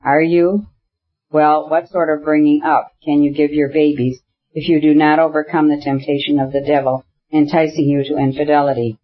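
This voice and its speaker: A man's voice: a little high, flat delivery, highs cut off, lightly acted. A man reading a weary old priest. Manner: hurried customary recitative. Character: elderly male priest, weary and good-natured.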